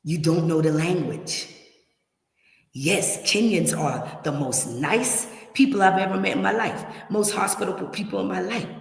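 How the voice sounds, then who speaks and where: A woman's voice: fairly low pitch, measured pace, creaky. A woman hosts a livestream of relocation advice, talking straight to her viewers. She is emphatic and repeats her warnings. Her voice rings in a roomy space with a long tail of echo. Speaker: relocation services host. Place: her home in Kenya.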